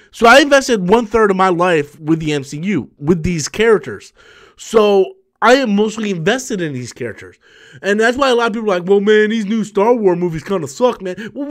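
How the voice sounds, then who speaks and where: A man in his thirties hosting a live stream, tired after a long work shift, talking excitably and rambling with frequent restarts while he answers viewer messages. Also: high-pitched. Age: 30s. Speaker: YouTube channel host.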